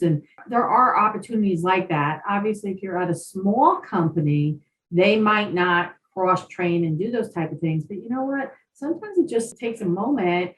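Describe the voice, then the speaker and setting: A woman co-hosting a career podcast, chatting in a lively, talkative way and telling anecdotes. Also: medium pitch. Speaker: podcast co-host, career coach. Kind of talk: casual chat. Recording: roomy, distant mic, faint background noise.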